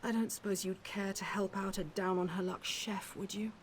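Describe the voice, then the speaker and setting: A woman playing a hungover high elf chef. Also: level tone, normal speed, slight background noise, close to an everyday voice. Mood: lamenting. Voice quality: theatrical and self-pitying.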